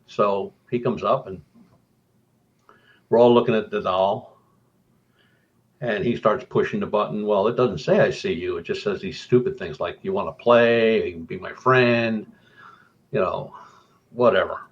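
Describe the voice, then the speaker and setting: A middle-aged man telling a haunted-house story casually on a radio talk show, voice jumping up when excited. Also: normal speed, long pauses. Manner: animated, rising high when excited. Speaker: guest storyteller. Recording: dull lo-fi radio call audio.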